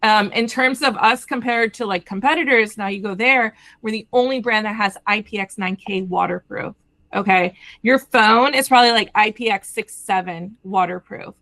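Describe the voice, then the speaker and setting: A woman brand representative explaining a product in a lively conversational way, often checking in with the listener. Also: medium pitch, moderate pace, dry recording. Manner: animated, addresses listeners directly with frequent "okay?".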